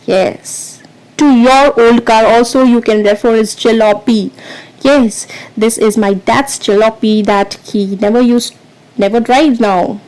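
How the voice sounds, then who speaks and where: A woman's voice: on the high side, steady tone, unhurried, a little mellow, poor audio. A woman teaching vocabulary as a quiz, explaining patiently and counting down before each answer. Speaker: English teacher.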